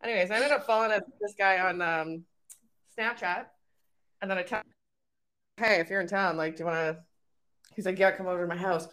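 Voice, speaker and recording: A woman's voice: lowish voice, brisk, pauses often, fairly bright tone. A young Canadian woman co-hosting a podcast, telling frank, profane stories in casual chat. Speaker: podcast co-host.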